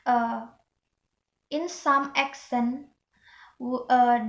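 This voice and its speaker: A woman's voice: sits high, echoey room. A young woman from Indonesia giving a student class presentation, hesitant, with many fillers and restarts. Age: young adult.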